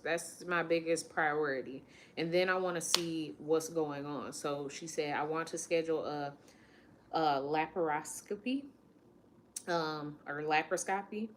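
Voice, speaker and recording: A woman's voice: sits low, a little hiss or hum. A woman in her late twenties telling a personal story in a candid, emotional way, often quoting what others said to her. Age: late 20s. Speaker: vlogger.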